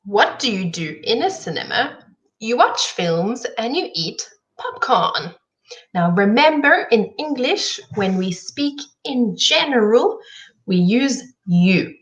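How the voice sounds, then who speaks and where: A woman teaching an online English lesson, explaining words clearly and encouragingly. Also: on the high side, sing-song, slow pace.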